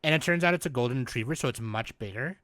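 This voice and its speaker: A man hosting a podcast, recapping in a rambling, animated, casual way and swearing freely. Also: medium pitch, fast, no room sound. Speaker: podcast host. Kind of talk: casual chat.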